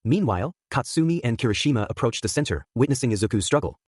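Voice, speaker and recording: Man narrating a fan story briskly. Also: mid-range voice, lively intonation, a little mellow, slightly rough, no echo, studio quality. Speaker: fan fiction reader.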